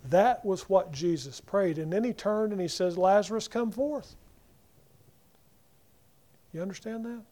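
A male preacher with a high voice and a soft, mellow tone. He swings from loud emphasis down to near-whispers and acts out the people in the passages in quick voices. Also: expressive. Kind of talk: sermon.

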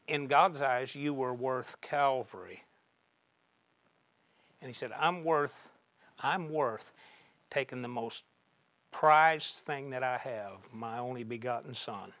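Folksy preacher, slow and dry. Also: male voice, medium pitch, no room sound. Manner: folksy, with sudden loud emphatic bursts and drops to quiet. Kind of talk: sermon.

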